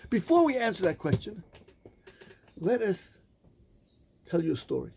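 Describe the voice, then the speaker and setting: A rabbi tells the story of his sermon in measured phrases punctuated by dramatic pauses. His voice is strongly gravelly and husky, fairly high for a man, with a mellow, sing-song quality.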